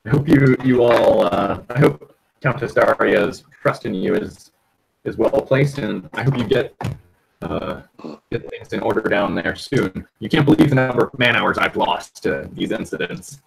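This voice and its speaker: Man doing a mine foreman, grumbling, fretful, low gravelly voice, husky, tabletop game. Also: animated, moderate pace, slight background noise, rough recording. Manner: complains about lost work hours.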